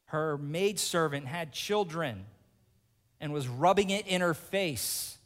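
Emphatic preacher in a reverberant hall. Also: male voice, on the high side, expressive, slow pace. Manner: emphatic, swinging between loud and hushed, checking in with the congregation. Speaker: pastor. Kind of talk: sermon.

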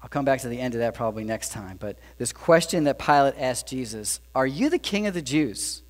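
A man preaching a sermon, animated, rising to emphatic peaks and dropping to hushed lines. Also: medium pitch, a little fast. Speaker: pastor. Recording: reverberant hall with mains hum.

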